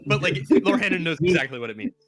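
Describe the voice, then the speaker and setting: A man's voice: on the high side, animated, fast, over a noisy crowd. Rambling man playing a tabletop game. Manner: rambling, lots of likes and restarts. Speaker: player. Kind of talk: casual tabletop play.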